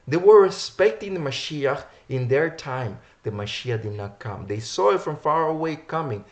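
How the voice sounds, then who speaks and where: A man's voice: fairly high pitch, very animated, moderate pace. A man preaching a sermon, reading verses aloud and repeating key words for emphasis. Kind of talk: sermon teaching from scripture.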